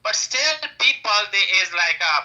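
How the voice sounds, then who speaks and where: High, bright-voiced man in broken English. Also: animated, moderate pace, poor audio. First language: not English. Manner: broken English, many fillers, protesting. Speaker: caller on an audio-app stage. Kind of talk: heated live audio-room argument.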